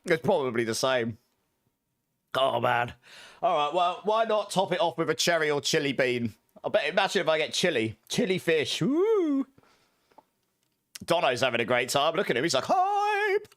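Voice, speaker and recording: A man's voice: a little high, animated, fairly quick, fairly bright tone, dry recording, clean studio sound. A man chatting casually on a live stream, upbeat and jokey, laughing often and thanking viewers by name. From Britain.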